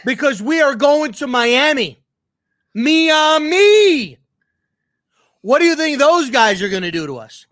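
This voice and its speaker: A man's voice: very high voice, very animated, slow pace, pauses often, fairly bright tone, no room sound. A sports show host ranting at his live chat, angry and frustrated, emphatic and profane, repeating his points. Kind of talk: heated sports rant.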